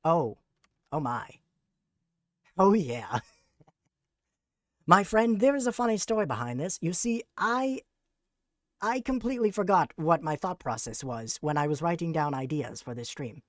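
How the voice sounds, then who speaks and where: A streamer chatting live on a desk mic, using grand, formal, mock-villainous phrasing with sarcastic deadpan jokes. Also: medium pitch, measured pace, long pauses, no echo, studio quality. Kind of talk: casual live-stream chat.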